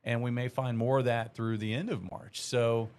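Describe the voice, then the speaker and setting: A man's voice: medium pitch, little pitch movement, moderate pace, a little mellow, smooth. A middle-aged male meteorologist explaining seasonal weather patterns in a conversational, filler-heavy way during a live broadcast.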